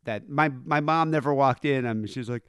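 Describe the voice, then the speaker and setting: An American man co-hosting a crude comedy podcast, joking and animated, dropping "like" often. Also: mid-range voice, normal speed, smooth, dry recording, clean studio sound. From United States. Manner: animated, jokey, says "like" often. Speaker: podcast co-host.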